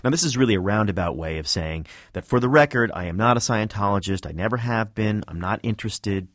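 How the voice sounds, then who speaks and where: A man's voice: fairly low pitch, lively intonation, brisk, a bit bright, no room sound, studio quality. A man reading his scripted radio commentary with wry, self-deprecating humor.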